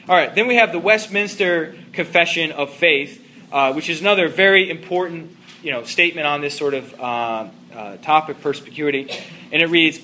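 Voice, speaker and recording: A man teaches a class in a loose, chatty lecture style, often asking his listeners if they follow. His voice sits a little high and sounds bright and pushing. He speaks to a live audience in the room. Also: slight background noise. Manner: conversational, checks in with listeners, frequent fillers. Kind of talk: informal lecture.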